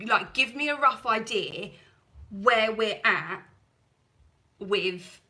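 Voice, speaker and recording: A woman's voice: fairly high pitch, animated, extremely slow, pauses often, bright, forceful tone, rough recording. A woman hosting a cleaning channel, chatting through a live stream with viewers in a rambling, self-deprecating way.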